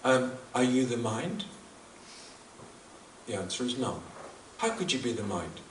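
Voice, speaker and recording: A man's voice: medium pitch, very animated, a little slow. Earnest man speaking in an echoey hall. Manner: earnest, thoughtful, with frequent restarts and repeated phrases. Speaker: speaker at a devotional gathering. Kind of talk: reflective spiritual talk. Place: large hall at a celebration. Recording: echoey hall, voice from far off, faint noise.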